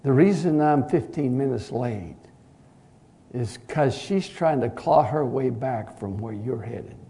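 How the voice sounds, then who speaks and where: A preacher voicing a fellow pastor, speaking quietly, earnestly and firmly. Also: male voice, mid-range voice, lively intonation, takes it slowly, creaky. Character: firm, earnest male pastor.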